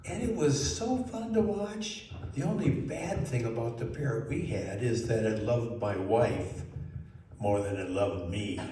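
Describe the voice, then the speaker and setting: A man telling a children's story in a lively way, asking the listeners questions. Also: on the high side. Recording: very echoey room, mic far off, faint noise.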